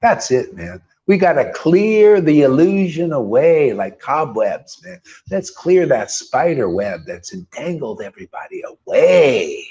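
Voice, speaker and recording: This middle-aged spiritual teacher has a fairly high, dark-toned voice with big pitch swings, speaking unhurriedly with hardly any pauses. His informal scripture sermon is emphatic, built on rhetorical questions and repeated key words, and he keeps saying "man" to listeners. The recording sounds dull and lo-fi.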